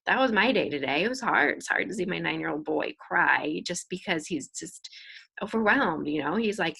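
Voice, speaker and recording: Mom on a group video call, low husky voice with some fry, sharing honestly. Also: female voice, lively intonation, moderate pace, sharp tone. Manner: open, emotional, candid. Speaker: participant, mother. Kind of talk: casual group video chat.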